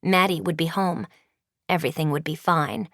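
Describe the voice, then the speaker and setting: A woman reading an audiobook, voicing a gloomy teenage girl who talks in a low, downcast way. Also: steady tone, normal speed, a bit bright, no echo, clean studio sound. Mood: glum.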